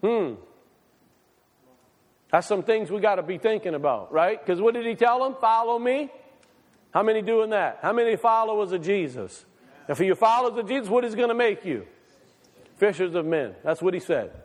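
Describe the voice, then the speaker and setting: High-voiced preacher in a reverberant hall. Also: male voice, lively intonation, brisk. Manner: rhetorical questions to the congregation, reading scripture aloud. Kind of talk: sermon.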